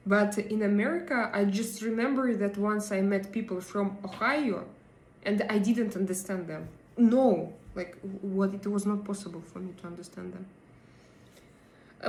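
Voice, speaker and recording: A woman hosting a live stream and chatting with viewers, hesitant and pausing often as she searches for her English words. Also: mid-range voice, darkish tone, roomy sound, poor audio. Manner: hesitant, many pauses and fillers while searching for English words. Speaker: livestream host. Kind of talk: casual live chat, answering viewer comments.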